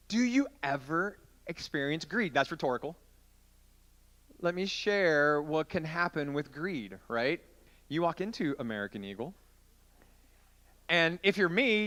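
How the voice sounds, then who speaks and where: A man giving a playful, joking youth group sermon as its pastor. His voice sits high and swings widely, with a bright, sharp edge. He teases volunteers as he teaches.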